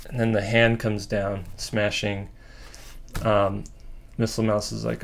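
A man who is a comic artist, casually walking through comic pages in a relaxed, rambling, self-critical way with frequent ums. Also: fairly low pitch, unhurried, vocal fry, slight background noise. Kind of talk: casual page-by-page walkthrough.

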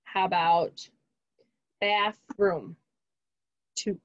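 Slow-talking woman teaching young kids. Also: on the low side, fairly even intonation, dry recording, dull audio. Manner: slow, clear, encouraging teacher talk to kids. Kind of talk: remote phonics lesson for young children.

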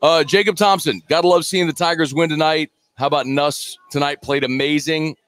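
A man's voice: fairly high pitch, steady tone, moderate pace, a bit bright. A man hosting a sports radio show, talking in a blunt, profane, dismissive way. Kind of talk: casual sports talk. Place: radio studio. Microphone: studio microphone.

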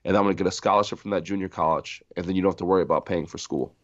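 A middle-aged man from New Jersey, a podcast guest telling stories in a lively way, acting out the people he quotes. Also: sits low, very fast, dry recording. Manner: animated storyteller acting out quoted voices, laughing often. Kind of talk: storytelling in a podcast interview. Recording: dry muffled sound.

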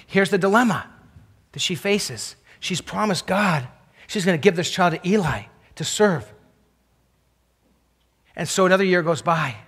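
A man preaching a sermon as a pastor, telling a story earnestly, repeating phrases and dropping his voice low for emphasis. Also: expressive, unhurried, pauses often, fairly bright tone, breathy edge. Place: college chapel. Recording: long hall reverb.

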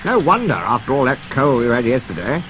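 A man voicing a teasing male steam engine in a mocking, high-pitched tone. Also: very animated, fairly quick, noisy background, close to an everyday voice.

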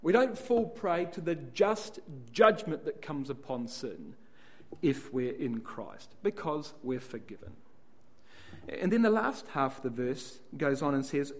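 A man with a somewhat high voice leads a Bible study. He reads each verse aloud and then unpacks it, posing questions to the listeners and answering them himself. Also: expressive, a little slow. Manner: explanatory, asks and answers his own questions. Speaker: Bible class speaker.

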